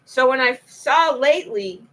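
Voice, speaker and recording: A woman delivers a late-night monologue to camera in a high-pitched, fairly bright, animated voice, taking her time. Impassioned and rambling, she tells her own story and repeats herself often. The recording quality is low.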